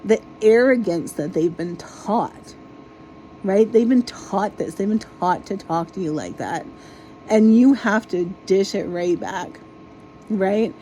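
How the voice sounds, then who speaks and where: A woman delivers an exasperated, casual rant straight to her viewers, swearing freely as she goes. Her voice is mellow and warm at an ordinary pitch, with a faint hiss of background noise under it. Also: poor audio. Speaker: vlogger. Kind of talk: casual ranting monologue.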